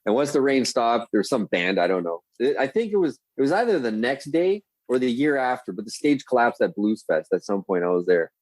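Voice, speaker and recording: A man's voice: mid-range voice, a little fast, few pauses, dry recording, poor audio. A man, a podcast guest telling rambling, profane stories in casual chat. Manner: profane, rambling, animated storyteller.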